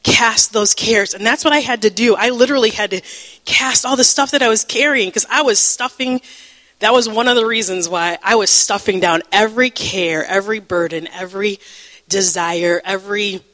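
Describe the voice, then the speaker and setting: Woman, Bible teacher, personal testimony, emotional, halting, fillers and restarts, laughs at times, middle pitch. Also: sharp tone, big-room sound, low-quality recording. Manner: breaks into laughter.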